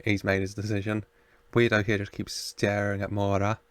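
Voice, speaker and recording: A man's voice: on the low side, monotone, moderate pace, no echo. A man hosting a reaction video, chatting casually, laughing often and talking back to the screen.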